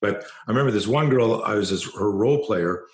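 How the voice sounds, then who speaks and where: A middle-aged man with a very low voice tells a training story in an interview. He is an animated storyteller who climbs in pitch and force when the tale peaks. The sound is roomy, with plenty of echo. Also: a little fast. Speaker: self-defense trainer.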